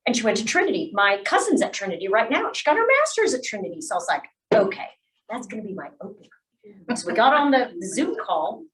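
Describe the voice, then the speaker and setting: A woman on a webinar panel, telling a work anecdote in a lively way. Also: medium pitch, fast, distant mic, low-quality recording.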